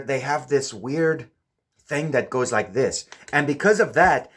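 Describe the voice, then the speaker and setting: A man's voice: mid-range voice, fairly bright tone. Man explaining, asking "do you see?". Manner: keeps checking with the viewer, repeating "do you see". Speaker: presenter demonstrating with objects. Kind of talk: casual hands-on explanation.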